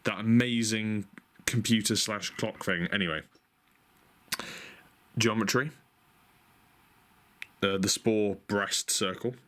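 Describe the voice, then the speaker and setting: A man in casual chat as a vlogger, excitable, thinking aloud, exclaiming and swearing now and then. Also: lowish voice, slow, pauses often. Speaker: vlogger showing stationery.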